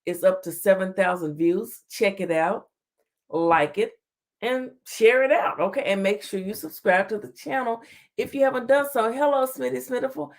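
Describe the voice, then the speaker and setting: A woman hosts a late-night live stream. She talks in a chatty, casual way, greets viewers by name and lets her pitch swing up and down. Her voice sits in the middle range for a woman. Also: normal speed. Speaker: talk show host.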